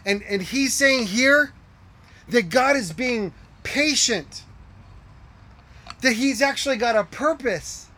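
A man preaching a sermon as pastor, earnest, asking rhetorical questions and dropping to hushed tones. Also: extremely high pitch, animated, slow pace, long pauses.

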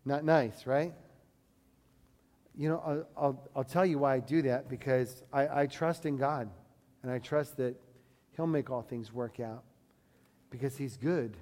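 A man's voice: medium pitch, dark tone. A male pastor preaching a sermon in an emphatic, conversational way, asking the congregation rhetorical questions. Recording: long reverb of a large hall.

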